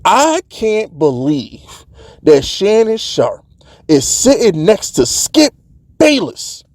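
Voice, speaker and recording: A man's voice: high-pitched, huge pitch swings, slow pace, darkish tone, dry recording. A man hosting his own sports channel, delivering a heated, fired-up commentary rant in streetwise slang.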